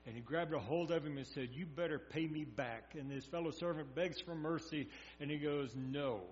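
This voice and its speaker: A man preaching a sermon, telling scripture stories in a folksy way and acting them out. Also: on the high side. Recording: echoey hall, dull sound, mains hum.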